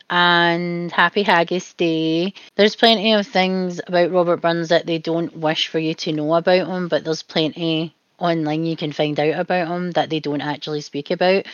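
Scottish woman, low voice, podcast host reading poetry, earnest and self-deprecating, dull lo-fi home recording. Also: clean tone, no room sound. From Scotland.

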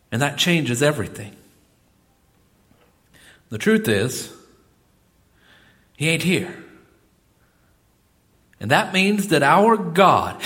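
A middle-aged male pastor preaching a sermon in a church, swinging between loud exclamations and soft asides. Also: sits high. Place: church sanctuary.

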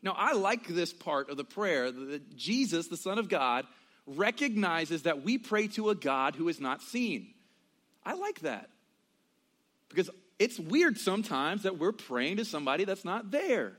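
A man in his early thirties preaching a sermon in a conversational way, with quick asides and acted-out quotes. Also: high voice, very animated, a bit bright. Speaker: pastor.

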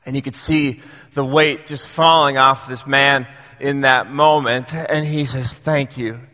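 Bright-voiced male pastor in a reverberant hall. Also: mid-range voice, steady tone, measured pace. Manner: conversational and joking. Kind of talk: sermon. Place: church sanctuary.

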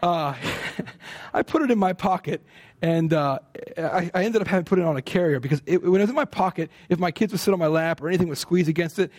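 A middle-aged man delivering a sermon from the pulpit. His voice sits fairly high, and he preaches in a chatty, easygoing way, slipping in playful asides and stories. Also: fast, a little mellow. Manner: conversational, playful asides and laughs. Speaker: pastor.

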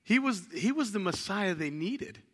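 A man preaching a sermon as a pastor, telling lively stories and acting out little household conversations. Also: sits high, moderate pace, in a large hall. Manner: animated storytelling, acts out household dialogues.

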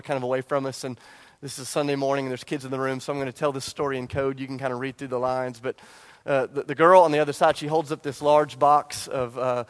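A man in his forties preaching to a church congregation, telling a personal story with self-deprecating humor and frequent restarts. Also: medium pitch. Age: 40s. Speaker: pastor. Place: church service before a congregation.

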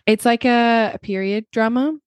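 A woman's voice: a little high, normal speed, clear, resonant tone, no room sound. A woman co-hosting a podcast in casual chat, talking in a chatty, laughing way with lots of fillers and restarts. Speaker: podcast co-host.

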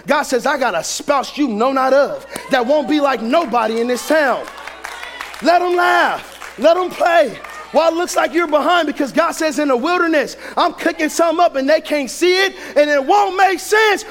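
High-pitched shouting preacher man. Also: normal speed, some chatter behind. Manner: shouting, animated preaching with acted-out voices. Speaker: pastor. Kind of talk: sermon.

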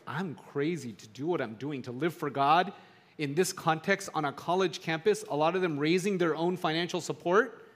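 Middle-aged male pastor, fairly high voice, chatty sermon delivery with emphatic swells. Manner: conversational, animated preaching with rising emphasis.

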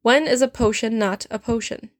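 A woman's voice: on the high side, steady tone, normal speed, no echo, studio quality, lightly acted. A woman reading a story aloud, voicing a stern, sardonic male potions professor who speaks in a cold, clipped and cutting way. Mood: cold, scornful.

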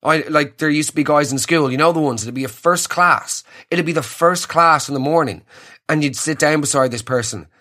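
A man's voice: a little high, normal speed, pushed and bright. An Irish man hosting a comedy podcast, ranting sarcastically and riffing on listener messages. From Ireland. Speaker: podcast host. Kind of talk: comedic rant.

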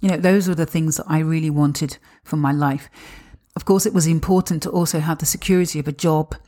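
A woman's voice: low-pitched, fairly even intonation, fairly quick, warm tone. A woman hosting a podcast, telling her own story in a reflective, earnest way, often repeating words and adding "you know". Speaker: podcast host. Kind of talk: personal storytelling monologue.

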